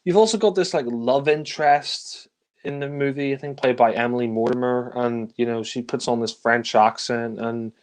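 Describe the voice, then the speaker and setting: A man's voice: medium pitch, moderate pace, clean tone. A man giving a casual spoken film review, blunt and critical, with frequent sighs and filler words.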